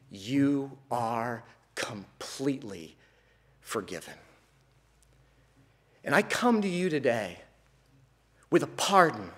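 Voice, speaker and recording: A man preaching a sermon, telling an illustration story in an earnest way and then building to emphatic, repeated declarations. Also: fairly high pitch.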